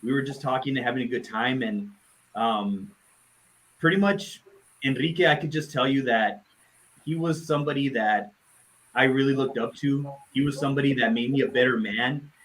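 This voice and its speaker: Man, adult, heartfelt tribute speaker, halting and full of restarts, mid-pitched. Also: a bit bright, low-quality recording. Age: adult, parent of a nine-year-old. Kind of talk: live session remembrance.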